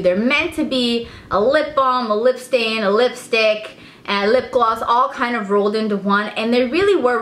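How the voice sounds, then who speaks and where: A woman's voice: fairly high pitch, fairly bright tone. A woman vlogger chatting enthusiastically through a casual product review at home. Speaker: beauty vlogger. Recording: echoey room.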